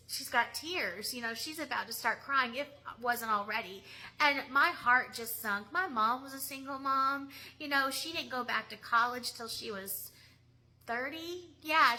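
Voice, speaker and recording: A woman's voice: fairly high pitch, pushed and bright, poor audio. A woman who works as a mystery shopper, ranting in an emphatic, indignant way in a casual vlog.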